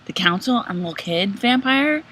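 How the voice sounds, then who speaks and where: A woman co-hosting a podcast, chatting in an animated, agreeable way. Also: mid-range voice, normal speed, slight background noise, poor audio. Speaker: podcast co-host. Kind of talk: casual chat.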